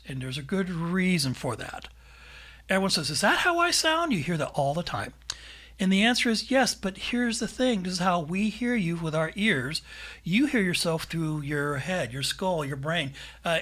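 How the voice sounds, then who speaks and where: A man's voice: on the high side, normal speed, a bit bright. A man co-hosting a casual podcast, talking animatedly and laughing often. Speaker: podcast host and editor. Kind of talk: casual chat.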